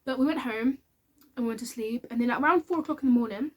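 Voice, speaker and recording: A woman's voice: on the high side, fast talker. A woman telling a candid personal story to camera in a chatty, casual way. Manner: chatty and candid, with many fillers. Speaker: vlogger.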